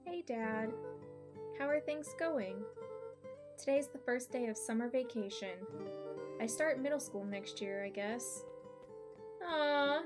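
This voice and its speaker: A woman voicing a quiet, sad twelve-year-old boy in a video game, reading his lines softly and earnestly. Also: on the high side, slow pace, long pauses, over music.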